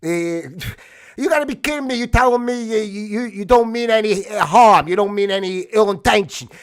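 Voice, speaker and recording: Man putting on Vincenzo, a loud menacing tough guy. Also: sits high, normal speed, clean tone, pitched above the performer's own voice, natural voice. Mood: threatening. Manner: blustering, threatening, repeats demands. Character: menacing male tough-guy businessman, short-tempered.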